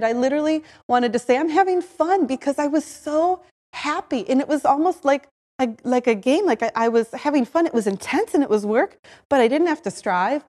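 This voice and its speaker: A woman hosting a podcast, telling her own story in a lively way, acting out her own voice in quotes and often saying "like". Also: medium pitch, in a large hall. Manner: animated, acts out her own voice in quotes, frequent "like". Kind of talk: personal storytelling.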